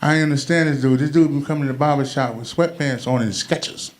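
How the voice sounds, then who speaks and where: A man's voice: mid-range voice, fast talker. A man doing a stand-up comedy set, telling stories animatedly and acting out quoted voices.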